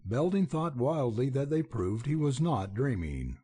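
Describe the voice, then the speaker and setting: A man narrates a western novel in a slow, unhurried reading. His voice has a husky grain, and his pitch rises and falls with lively expression. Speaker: audiobook narrator. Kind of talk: scripted narration.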